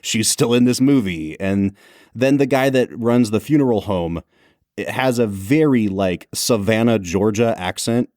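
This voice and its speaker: A young adult man co-hosting a podcast in casual chat, talking in quick asides and laughing often. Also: fairly low pitch, a little mellow, dry recording, clean studio sound. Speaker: podcast co-host.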